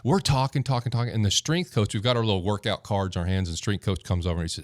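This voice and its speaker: A man telling a story on a podcast in a casual, animated way, acting out quotes and laughing as he goes. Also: lowish voice, very fast, no room sound, studio quality. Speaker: guest, former football player.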